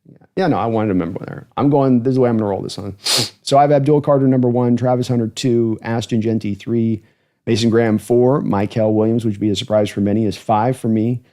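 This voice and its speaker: A man hosts a football livestream in a loose, chatty way, rambling through his thoughts and thanking viewers as he goes. His voice sits at an ordinary middle pitch, relaxed and conversational. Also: fast. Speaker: host of a football fan channel livestream. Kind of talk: casual livestream commentary.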